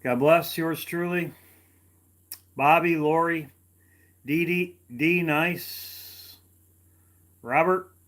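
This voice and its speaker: A man hosting a casual online livestream, greeting viewers by name and talking slowly with many fillers and repeated phrases. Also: fairly high pitch, fairly even intonation, a bit bright. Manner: slow, halting, repeats himself with fillers. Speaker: online video host.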